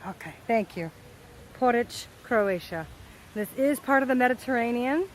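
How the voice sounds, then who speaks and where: A woman's voice: fairly high pitch, animated, moderate pace, slight background noise, low-quality recording. A woman from the United States, chatting cheerfully to viewers as she films a travel vlog outdoors. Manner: chatty, upbeat, speaks to viewers. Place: outdoors by the sea.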